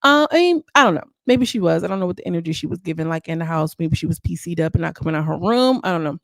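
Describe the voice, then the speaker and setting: A woman's voice: on the low side, expressive, quick pace, creaky, no room sound, clean studio sound. A woman hosting a casual recap vlog, reviewing a reality TV episode with chatty, sassy asides.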